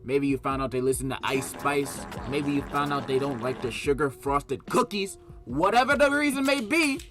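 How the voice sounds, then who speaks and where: A man's voice: medium pitch, expressive, moderate pace. A man delivering sarcastic, jokey commentary that turns into heated outbursts. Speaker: commentary video creator. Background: music bed.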